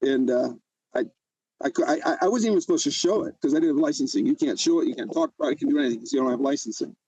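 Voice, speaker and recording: A man's voice: medium pitch, racing, mellow, husky, no echo, poor audio. An older man telling his own story in an emotional interview, agitated and often repeating himself. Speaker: interview guest.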